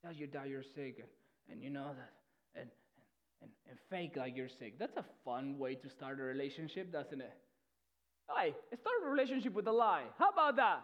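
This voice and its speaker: High-voiced energetic male preacher. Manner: energetic, repeats words, swings loud and soft. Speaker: pastor. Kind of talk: sermon. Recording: dull lo-fi sound.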